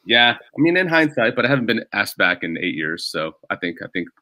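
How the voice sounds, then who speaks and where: Bright-voiced man telling comedy stories. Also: on the low side, fairly quick, no echo, rough recording. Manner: animated storytelling with self-deprecating jokes. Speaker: comedian guest. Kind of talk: casual podcast chat.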